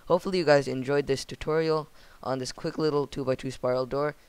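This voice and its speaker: A young man speaking in a monotone as he talks through a game building tutorial on his channel. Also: medium pitch, fast talker, clear, resonant tone, no echo. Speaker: channel host.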